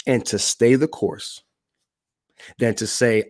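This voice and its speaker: A man's voice: mid-range voice, measured pace, pauses often, a little mellow. A man speaking as a motivational speaker on a live-stream broadcast, emphatic and repeating key phrases while addressing the audience directly.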